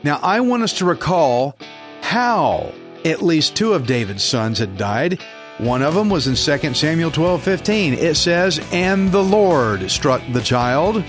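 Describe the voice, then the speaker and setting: A man's voice: fairly high pitch, big pitch swings, measured pace, a bit bright, faint music behind. A male pastor teaching the Bible on a radio program, earnest and emphatic, acting out the quoted lines.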